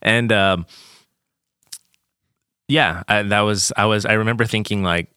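Low-voiced, laid-back co-host. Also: male voice, measured pace, bright, forceful tone, clear, resonant tone, no echo, clean studio sound. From El Paso, Texas. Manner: laid-back, chimes in with short replies. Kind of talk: casual chat.

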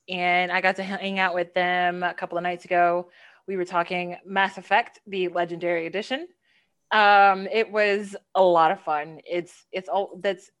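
A woman with a somewhat low voice co-hosts a casual podcast. She sounds eager and easygoing, quick to share what she enjoyed. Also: a bit bright, clear, resonant tone. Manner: enthusiastic, laughs easily. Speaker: podcast co-host.

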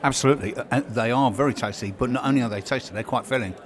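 Speaking at a racing pace in a mid-range voice, a male host runs a casual interview on a handheld mic, full of chatty enthusiasm. He is in a trade show hall, with a busy crowd chattering behind him.

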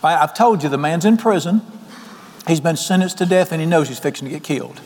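A man, preaching an evening sermon in a folksy, animated way and asking the congregation questions. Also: on the high side, quick pace. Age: 60s. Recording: long hall reverb.

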